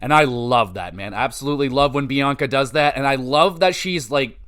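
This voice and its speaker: A man hosting a podcast, giving a casual solo wrestling review, profane, rambling and excitable. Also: medium pitch, normal speed. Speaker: podcast host.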